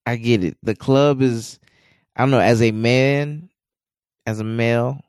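A man's voice: mid-range voice, unhurried, a little mellow, smooth, no echo, clean studio sound. A man co-hosting a podcast, casually recapping an episode with a rambling delivery full of filler words. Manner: rambling, many "you know" fillers. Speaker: podcast co-host.

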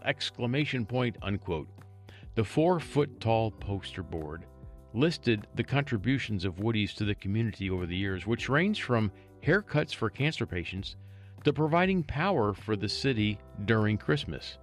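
A man's voice: fairly low pitch, expressive, moderate pace, faint music behind. A man reading a local news story aloud and adding chatty, wry asides as a storytelling host.

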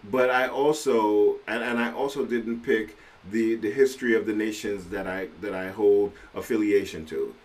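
Animated male podcast host from Trinidad. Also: on the low side, normal speed, few pauses. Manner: animated, conversational, often laughing. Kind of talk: casual solo commentary. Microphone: podcast microphone.

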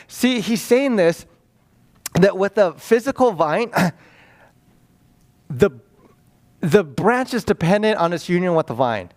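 A man's voice: high voice, animated, slow pace, pauses often, darkish tone. A man preaching as a guest pastor, earnest and pleading, repeating key phrases for emphasis. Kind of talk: sermon.

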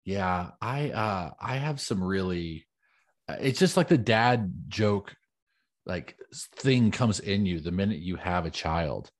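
Low-voiced dad chatting casually. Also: male voice, lively intonation, slow pace. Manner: chatty, many fillers and restarts. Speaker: podcast co-host. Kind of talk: casual chat.

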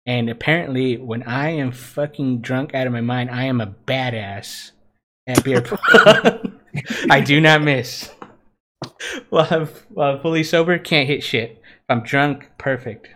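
A man's voice: medium pitch, measured pace, fairly bright tone. A young man co-hosting a podcast, casually telling a drunk story with laughs and swearing. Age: young adult. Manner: laughing, profane, self-mocking. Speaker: podcast co-host.

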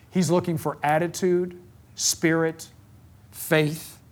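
Earnest male preacher, fairly high voice, repeats lines for emphasis. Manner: earnest, gets emotional about faith. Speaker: speaker giving a faith talk. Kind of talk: sermon.

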